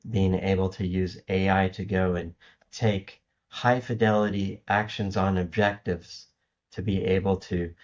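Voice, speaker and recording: A fairly low-voiced man talks as a podcast guest, circling his point with restarts and filler words. The audio is dull and lo-fi, with the top end rolled off. It sounds like an everyday remote call recording. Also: a little mellow. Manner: rambling, many restarts and "you know" fillers. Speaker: guest cybersecurity architect. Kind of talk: casual interview talk.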